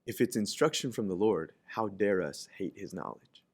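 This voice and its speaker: A man's voice: lowish voice, lively intonation, moderate pace, slightly rough. Emphatic male pastor preaching. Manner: emphatic, repeats and restarts phrases, voice swells on scripture quotes. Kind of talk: sermon.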